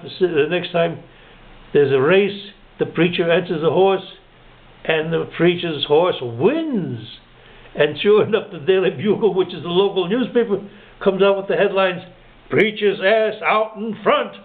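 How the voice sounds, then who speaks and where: A man telling a long shaggy-dog joke, chuckling at his own punchlines and slowing down to deliver them. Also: high-pitched, animated. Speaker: joke teller. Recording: narrow phone-like sound.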